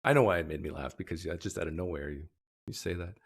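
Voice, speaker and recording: Male livestream host, low voice, casual, quick joking asides to his chat. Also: creaky, breathy edge.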